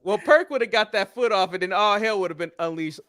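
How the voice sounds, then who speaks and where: Man co-host, high and bright voice, halting casual chat, often repeats words. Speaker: podcast co-host. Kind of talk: casual wrestling recap chat.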